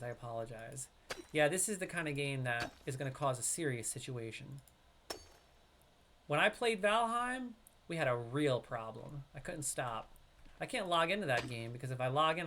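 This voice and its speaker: Man, live streamer, casual gameplay chatter, mid pitch, addresses viewers, excitable outbursts. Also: a little hiss or hum. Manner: chatty, talks to chat, bursts into loud excited yelps.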